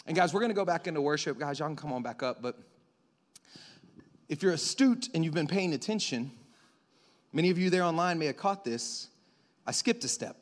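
A young man in his twenties preaching a sermon as pastor in a church, animated, swinging between loud excited bursts and quiet intimate passages. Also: fairly high pitch, brisk, long pauses. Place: church sanctuary. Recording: long hall reverb.

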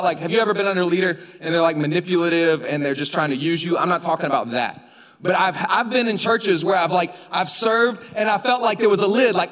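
A man with a notably high voice preaches a sermon in a church sanctuary. He keeps it conversational and casual, then climbs into shouts when he drives a point home. His voice rings out with the long reverb of a large hall. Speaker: pastor.

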